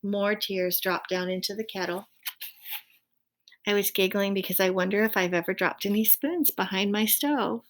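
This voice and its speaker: A woman reading a children's storybook aloud in a gentle way, adding soft asides to her listeners. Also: mid-range voice, moderate pace.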